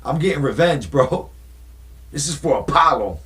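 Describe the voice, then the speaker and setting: A man quoting a tough, determined boxer in a blunt, gruff way. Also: a little high, animated, normal speed, a bit bright.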